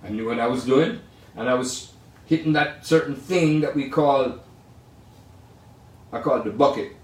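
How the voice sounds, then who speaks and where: An older man, a jazz pianist, telling rambling, animated stories in a casual way. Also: medium pitch, moderate pace. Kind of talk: casual storytelling. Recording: roomy sound from far off.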